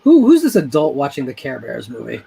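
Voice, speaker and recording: A man co-hosting a casual group chat online, wry and quick to call on others. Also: medium pitch, huge pitch swings, vocal fry, mellow. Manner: wry, calls on others to perform.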